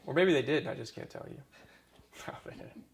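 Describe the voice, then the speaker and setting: A man's voice: medium pitch, normal speed, vocal fry. A man in his thirties, a former army dentist, telling his stories in a casual oral history interview, with many restarts and fillers.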